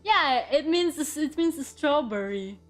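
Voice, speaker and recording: A woman's voice: high voice, lively intonation, moderate pace, faint music behind. A young adult woman streaming while she draws, chatting playfully with viewers, muttering to herself as she works and bursting into dramatic shrieks. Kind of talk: casual live-stream chat while drawing.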